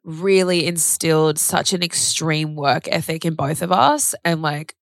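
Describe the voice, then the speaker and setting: A woman's voice: low-pitched, measured pace, dry recording, studio quality. Candid woman telling a story. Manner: candid, animated retelling with frequent "like" and swearing. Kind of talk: casual emotional conversation.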